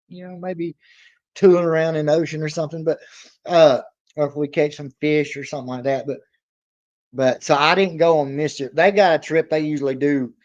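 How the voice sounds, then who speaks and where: A man's voice: fairly high pitch, darkish tone. Guy rambling on his livestream, folksy, laughs a lot, kinda dull lo-fi sound. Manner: rambling, folksy, laughs often, reads chat aloud. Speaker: livestream reaction host. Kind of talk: casual livestream chat.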